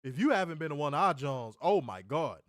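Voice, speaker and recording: A man co-hosting a casual livestream, loud and joking. He swears freely, laughs often and swings from shouts down to mutters. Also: a little high, lively intonation, a little fast, dry recording, studio quality. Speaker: livestream co-host.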